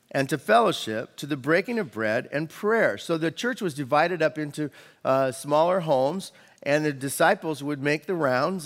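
A man preaching a sermon as a pastor, in a conversational way with quick asides and the odd restart. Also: fairly high pitch. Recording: long hall reverb.

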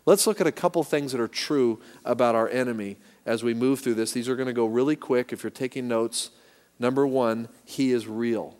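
A man's voice: medium pitch, normal speed, darkish tone. A man preaching a sermon with emphasis, leading his congregation to repeat lines back. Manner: emphatic, leads call-and-response. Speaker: pastor. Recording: echoey hall reverb.

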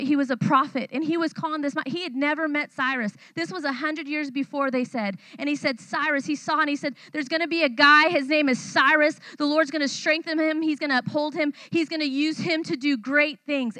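A woman in her thirties from California gives a youth sermon as a personal testimony. Her voice sits high and sounds bright, and she tells the story with animation, acting out the voices of the people in it. The recording is dry, with no room echo. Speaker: missionary speaker.

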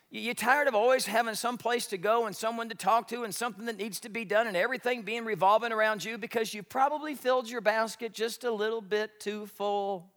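Male pastor, high bright voice, animated storyteller, sermon in a reverberant church hall.

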